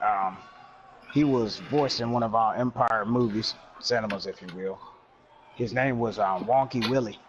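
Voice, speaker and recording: A man doing deadpan, bantering co-commentary over a video game wrestling match. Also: fairly low pitch, normal speed, a little hiss or hum. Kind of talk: jokey role-play commentary. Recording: dull lo-fi mic.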